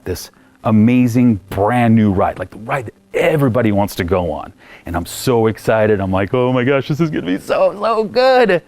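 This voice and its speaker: Animated pastor telling a story. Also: male voice, medium pitch, no echo. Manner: animated storyteller acting out voices, ranging from loud to near whisper. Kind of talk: sermon with personal storytelling.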